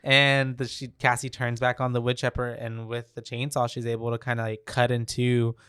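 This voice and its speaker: A man's voice: mid-range voice, monotone, brisk, clean tone, no room sound, clean studio sound. A man co-hosting a podcast, recapping a film in loose casual chat, swearing freely and filling gaps with "um" and "like".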